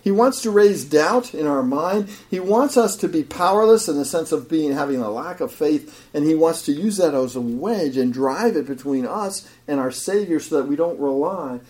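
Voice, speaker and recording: A man preaching a sermon in an animated way, swinging between loud emphatic bursts and low, quiet asides. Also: normal speed, hardly any pauses. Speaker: pastor.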